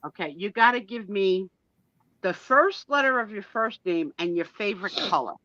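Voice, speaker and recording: A woman's voice: mid-range voice, no echo, lo-fi sound. A woman from New Jersey with a New Jersey accent, chatting animatedly and giggling on a live stream. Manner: animated, giggly, quick to exaggerate. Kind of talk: casual live-stream chat.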